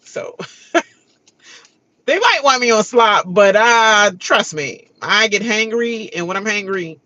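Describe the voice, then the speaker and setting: A woman hosting a casual reaction rant, animated and laughing, mocking others in loose casual speech. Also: low voice, highs cut off. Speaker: reaction video host.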